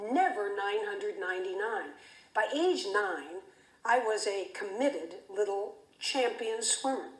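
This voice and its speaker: A woman giving a keynote speech, telling a story in a vivid, dramatic way. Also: fairly high pitch. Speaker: keynote speaker. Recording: echoey hall.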